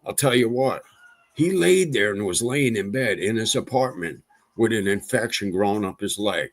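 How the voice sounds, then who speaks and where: Low-ish voiced guy ranting on his livestream, fed up, says stuff twice. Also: expressive, normal speed, a little hiss or hum. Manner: exasperated, repeats himself for emphasis. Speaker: livestream host. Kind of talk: casual livestream monologue.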